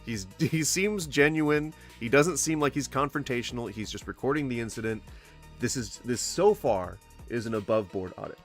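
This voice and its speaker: A man's voice: medium pitch, moderate pace, soft background music. A man hosting a reaction video, talking in a casual, joking and rambling way. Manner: animated, joking, rambling asides. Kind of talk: casual commentary.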